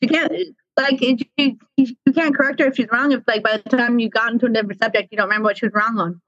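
A woman's voice: fairly high pitch, steady tone, fast, fairly bright tone, no room sound, dull audio. Rambling enthusiastic woman guest. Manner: enthusiastic, rambling, hedging with fillers. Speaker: podcast guest. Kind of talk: casual podcast chat.

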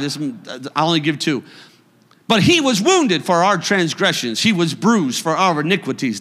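A man preaching a sermon as pastor in a church, moving between emphatic bursts and quiet reflection. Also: fairly high pitch, in a large hall.

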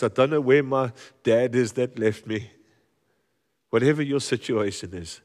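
A man preaching a storytelling sermon in a church, lively and joking, often repeating his words. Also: mid-range voice, measured pace. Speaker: guest preacher. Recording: long hall reverb.

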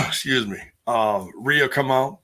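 A man chatting casually on a live stream, taking his time with an unhurried pace. His voice is bright and forward, and he rambles with plenty of "um"s and restarts, stopping now and then to answer viewer comments. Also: mid-range voice, wildly swooping pitch. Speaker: live stream host recapping wrestling. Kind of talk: casual chat.

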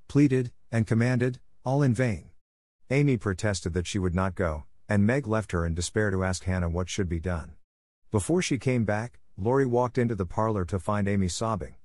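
A man narrating a classic novel in a steady, measured audiobook reading for English learners, close to the mic. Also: lowish voice, no room sound.

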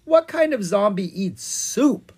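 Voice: medium pitch, very animated, moderate pace, husky. A reader voicing a chatty, sly old witch in a children's storybook, talking in a sing-song way.

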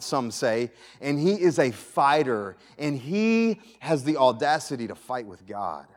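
A male pastor preaching a sermon to a congregation, animated, moving between loud emphasis and quiet asides and often restarting his phrases. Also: mid-range voice. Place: church sanctuary with audience. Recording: reverberant church hall.

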